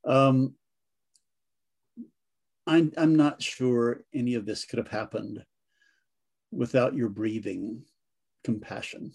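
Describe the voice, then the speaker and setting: Slow, gravelly man, thoughtful host. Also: medium pitch, steady tone, a little mellow. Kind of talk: reflective podcast conversation.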